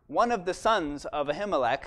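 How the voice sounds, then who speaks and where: A man in a church, retelling a Bible story in a chatty, animated way and often asking "right?". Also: a little high, fairly quick. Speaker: church speaker. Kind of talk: casual storytelling sermon.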